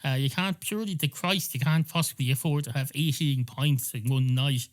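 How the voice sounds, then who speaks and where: A man's voice: mid-range voice, moderate pace, close to an everyday voice. An Irish man voicing a talkative barman who rambles and hesitates, swearing casually as he goes. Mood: chatty. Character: talkative middle-aged male barman.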